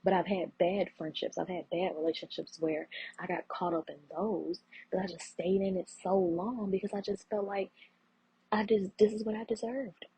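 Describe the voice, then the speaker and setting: Thirties woman, raspy gravelly solo podcast host, earnest and preachy. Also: medium pitch, fairly even intonation, moderate pace, mellow. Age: 30s. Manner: earnest, preachy, repeats phrases for emphasis. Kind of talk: heartfelt solo podcast talk. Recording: muffled lo-fi audio.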